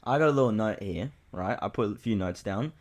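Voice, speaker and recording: A young man from Australia co-hosting a casual podcast, telling stories in an animated, swearing way. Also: on the low side, a little fast. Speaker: podcast co-host. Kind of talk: casual chat.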